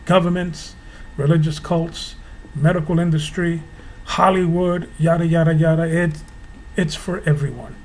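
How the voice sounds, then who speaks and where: A middle-aged man giving an impassioned, preachy monologue to camera, hammering home rhetorical questions slowly and with emphasis. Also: a little high, fairly even intonation, a little mellow. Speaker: religious video host.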